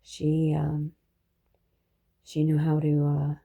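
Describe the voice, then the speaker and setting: A woman's voice: low voice, monotone, slow pace, creaky, dark tone. A woman telling a personal story in a rambling, reflective monologue, restarting often and dropping profane asides.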